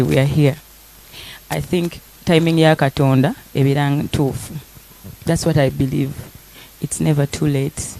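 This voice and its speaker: Young ugandan woman thanking people at a press conference, soft voice, laughs a lot, mixes english and luganda. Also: sits low, slight background noise. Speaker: singer thanking guests. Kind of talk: emotional speech at press conference.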